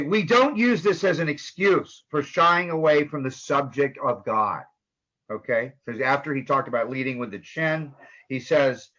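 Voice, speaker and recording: A man's voice: fairly high pitch, pushed and bright, highs cut off. A man, an AA speaker, reading a passage aloud and stressing its key phrases. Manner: emphatic, pointing out key phrases. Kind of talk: reading and commenting on a text.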